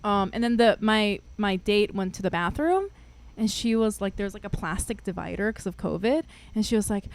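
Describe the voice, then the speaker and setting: Young woman rambling thru a funny story, lots of "like", giggly, mid pitch. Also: normal speed. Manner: animated, laughs often, many fillers like "like". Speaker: podcast co-host. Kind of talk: casual chat, storytelling.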